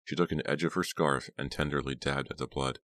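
Very deep-voiced male audiobook narrator. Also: fairly even intonation, a little fast, a bit bright, no room sound. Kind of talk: scripted horror narration.

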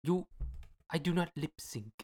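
Low-voiced woman co-hosting a podcast, wry and rambling. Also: expressive, a little slow, warm tone. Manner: chatty, sarcastic, lots of fillers. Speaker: podcast co-host. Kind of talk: casual chat.

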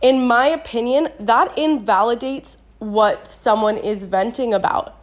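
A woman's voice: on the high side, a little slow. A young woman hosting her own podcast in casual, chatty talk, with a stuffy, nasal voice from a cold, laughing often and saying "like" a lot. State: congested, nasal voice. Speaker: podcast host.

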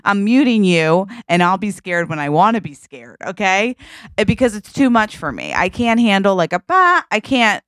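A young adult woman co-hosting a podcast, telling a story in an animated, dramatic way and tagging lines with "okay?". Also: mid-range voice, moderate pace, no echo, studio quality. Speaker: podcast co-host. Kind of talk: casual storytelling chat.

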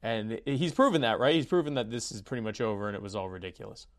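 A man co-hosting a political commentary chat, sarcastic and quick to agree. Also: fairly low pitch. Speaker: co-host.

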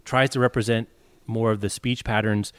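A man's voice: fairly low pitch, flat delivery, normal speed, clear, resonant tone, dry recording. A man co-hosting a casual book-discussion talk, wry and chatty, with many fillers and restarts. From not from the US South. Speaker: podcast co-host.

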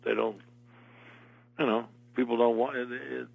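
A man's voice: mid-range voice, little pitch movement, measured pace, gravelly, husky, dry recording, narrow, tinny audio. An older man, an actor, telling long meandering stories as an interview guest. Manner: meandering anecdotal storyteller. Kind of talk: casual interview storytelling.

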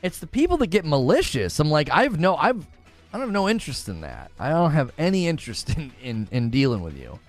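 A man hosting a live stream in a loose, chatty way. His voice sits a little high and swings widely, jumping into exaggerated tones when he mocks what others say. Soft music plays faintly under him. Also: brisk. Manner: animated, exaggerated high-pitched voice when mocking or acting out others. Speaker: livestream host. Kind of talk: casual live-stream chat.

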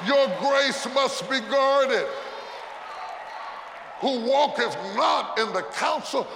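A man delivering a sermon as a pastor, shouting refrains and calling on the congregation to repeat after him. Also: extremely high pitch, slow, crowd noise. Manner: preaching with shouted refrains and call-and-response. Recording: echoey hall with background noise.

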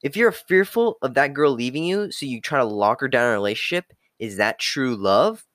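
A man's voice: mid-range voice, animated, fairly quick, a bit bright, dry recording, studio quality. A young man giving a blunt, profane motivational rant, repeating catchphrases like okay and the hard truth. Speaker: self-improvement talker.

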